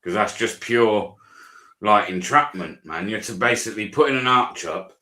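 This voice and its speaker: British bloke ranting on a live stream, swears loads, animated, roomy echo. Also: male voice, fairly low pitch, moderate pace. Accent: British English. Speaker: auditor streamer. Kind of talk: casual live chat.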